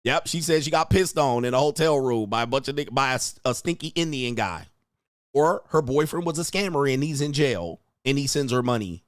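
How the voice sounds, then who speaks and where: A man's voice: medium pitch, lively intonation, fairly quick, dry recording. Male commentary host, crude and blunt, dry close sound. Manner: blunt, crude, repeats himself, mimics reactions. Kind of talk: commentary on video clips.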